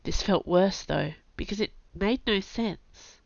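A woman's voice: mid-range voice, slow, vocal fry, dry recording. Woman narrating a story, dry sound. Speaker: audiobook narrator. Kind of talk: scripted narration. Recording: dull dry recording.

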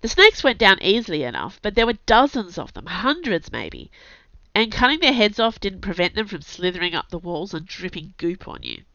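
A woman reading a novel aloud as narrator in an even storytelling manner. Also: mid-range voice, moderate pace, dry recording. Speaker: audiobook narrator. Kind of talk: scripted narration. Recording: dull dry recording.

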